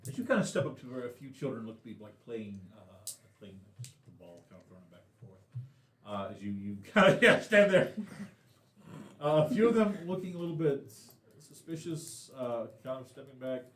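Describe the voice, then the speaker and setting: A man with a Southern US accent, running a tabletop game as game master, narrating haltingly with many fillers and restarts. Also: medium pitch, sing-song, a bit bright. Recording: echoey room, faint noise.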